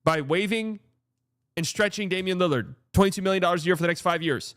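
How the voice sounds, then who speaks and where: A man's voice: sits high, fast, fairly bright tone, no echo, clean studio sound. A man hosting a casual sports commentary show, sarcastic and blunt, swearing freely. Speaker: host.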